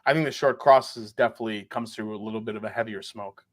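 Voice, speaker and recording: A man's voice: lowish voice, fairly even intonation, fast talker. Rambling, joking man on a live stream. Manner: rambling, joking, swears casually. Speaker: guest on a whiskey stream. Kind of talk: casual chat, live stream.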